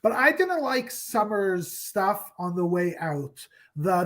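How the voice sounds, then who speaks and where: A man co-hosting a casual podcast, recapping scenes in an animated way. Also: sits high, slow pace. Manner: animated, acts out quoted lines. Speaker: co-host.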